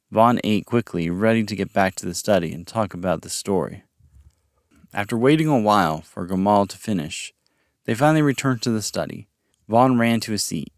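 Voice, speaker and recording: A man narrating a story podcast in a calm, measured reading voice. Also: on the low side, no echo, clean studio sound. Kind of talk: audiobook-style story narration.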